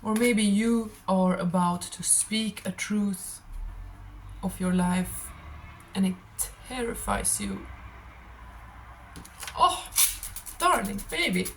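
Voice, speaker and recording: A nervous woman reads tarot for her viewers, her voice shaky as she speaks with blunt, impassioned feeling. She calls her listeners darling and swears freely. Her pitch sits in a middle range, with a faint hiss of noise underneath. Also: slow pace, long pauses, low-quality recording. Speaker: tarot reader. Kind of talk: channeled tarot reading to viewers.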